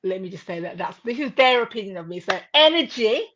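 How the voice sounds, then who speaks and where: A woman's voice: medium pitch, fast, dull audio, slight background noise. A woman, a guest in a casual interview, talking energetically and laughing often. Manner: energetic, laughing, slips into put-on voices.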